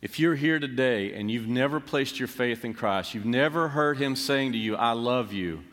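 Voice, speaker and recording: A man's voice: medium pitch, moderate pace, fairly bright tone. A man preaching a sermon as pastor, earnest, building emphasis with rhetorical questions. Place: church sanctuary. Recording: long church hall reverb.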